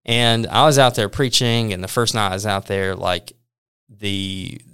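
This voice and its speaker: Man, preacher type, easygoing storyteller, clear resonant tone, pokes fun at himself. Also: on the low side, unhurried. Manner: animated, self-deprecating, laughs often. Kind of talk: casual storytelling.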